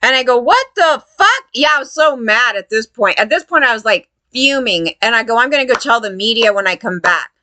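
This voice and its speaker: A woman tells her story as a heated rant, swearing freely and acting out the officials' replies. Her voice sits a bit high and sounds bright and sharp. The sound is dry and close, with no room echo. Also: a little fast, hardly any pauses. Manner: profane, heated, acts out others' lines. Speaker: fire survivor telling her story. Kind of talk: angry personal rant.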